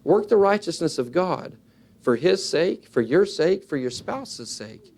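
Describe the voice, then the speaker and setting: A man preaching a sermon, earnest and emphatic, swinging his pitch widely and acting out little dialogues as he goes. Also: very animated, measured pace, a little mellow.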